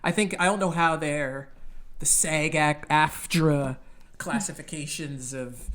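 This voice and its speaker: A man's voice: on the high side, takes it slowly. A man from Canada, a guest comedian, chatting casually and telling stories, acting out quotes and laughing often. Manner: animated storyteller, acts out quotes, laughs often. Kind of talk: casual chat.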